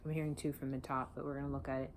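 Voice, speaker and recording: A woman gives a casual tarot reading, talking bluntly and emotionally and swearing freely. Her voice is low, and faint background noise sits under it. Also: level tone, rapid-fire. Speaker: tarot reader.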